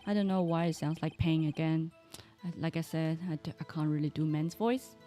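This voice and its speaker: A woman's voice: deep voice, a little fast, warm tone, faint music behind. A woman casually commenting while playing a video game, thinking aloud and trailing off mid-sentence. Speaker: gaming streamer. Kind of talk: casual let's-play commentary.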